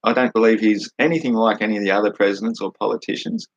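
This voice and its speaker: A husky, slightly low-voiced Australian man rants back at his critics, blunt and sweary, mocking them as he goes. The recording is dull and lo-fi, with a dry, close sound. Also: fast talker, no echo. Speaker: vlogger answering comments. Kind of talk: combative ranting monologue.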